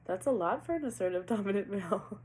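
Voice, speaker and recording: A woman's voice: medium pitch, lively intonation, fast, a little mellow, a little hiss or hum, poor audio. A woman giving a casual tarot reading, chatty and laughing often, asking questions aloud as she goes. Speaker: tarot reader.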